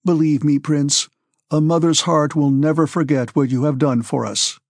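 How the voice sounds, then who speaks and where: A man's voice: on the high side, steady tone, normal speed, dry recording, studio quality. A man voicing an imploring aristocratic mother. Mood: sorrowful. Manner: imploring, gently insistent. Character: anxious, pleading middle-aged noblewoman.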